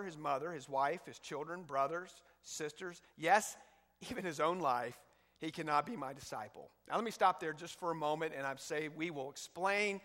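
High, bright-voiced preaching pastor, man. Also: long reverb tail. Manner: emphatic preaching, reading scripture aloud. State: coughing now and then. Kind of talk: sermon.

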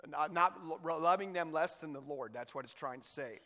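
High, bright-voiced preaching pastor, man. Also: normal speed, hardly any pauses, big-room sound. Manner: emphatic preaching, reading scripture aloud. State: coughing now and then. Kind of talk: sermon.

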